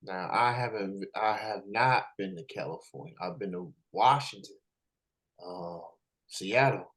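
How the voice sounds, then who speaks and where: An American man hosting a relaxed interview, easygoing, with drawn-out fillers and chuckles. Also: low-pitched, rough recording. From United States. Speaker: host. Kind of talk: casual interview chat.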